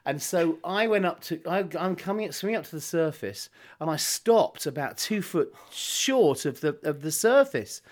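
An older man and musician guest, telling lively anecdotes in casual chat. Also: on the high side, normal speed, few pauses. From England. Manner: lively storyteller, chuckles often.

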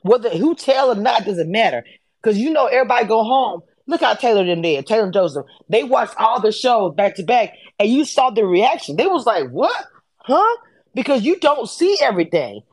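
Sassy animated woman hosting a chat. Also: slightly rough. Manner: animated, sassy, acts out quotes with swings in pitch. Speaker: host of a reality TV discussion space. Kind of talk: casual live audio chat.

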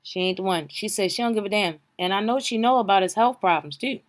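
A woman hosting a podcast, giving a casual comedic recap, animated and profane, swinging from loud exclamations to hushed asides. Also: mid-range voice, quick pace. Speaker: podcast host recapping a reality show.

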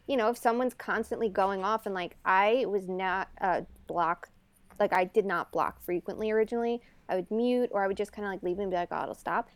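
A woman's voice: mid-range voice, brisk, no echo. Woman, blunt sports journalist, close dry sound, casual panel talk with lots of fillers. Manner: candid, blunt, filler-heavy.

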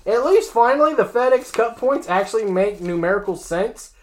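Sports talk host reading off rankings, casual, middle pitch, cracks little jokes. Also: animated, moderate pace. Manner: reads lists plainly, joking asides.

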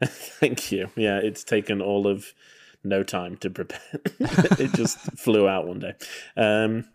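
A man's voice: fairly low pitch, slow pace, a little mellow. A man co-hosting a podcast, talking in a chatty, rambling way with many ums. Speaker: podcast co-host. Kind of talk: casual podcast chat.

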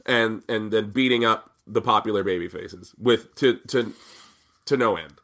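A man co-hosting a casual podcast, talking haltingly and often restarting and repeating words. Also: fairly low pitch, a bit bright. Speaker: podcast co-host. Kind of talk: casual wrestling chat.

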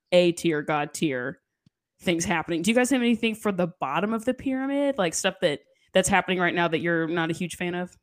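Woman, podcast host, casual chat, laughs a lot, filler-heavy. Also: fairly low pitch. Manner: chatty, laughs often, says "like" a lot.

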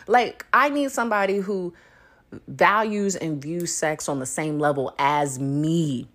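Brief: woman podcast host, blunt, profane rant, lower voice, laughs a lot. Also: measured pace, a bit bright. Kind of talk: casual solo podcast rant.

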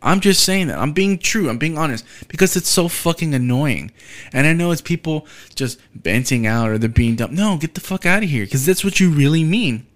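A man's voice: a little high, lively intonation, moderate pace. A young man from Texas hosting a podcast, delivering a blunt, profane solo rant. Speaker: podcast host.

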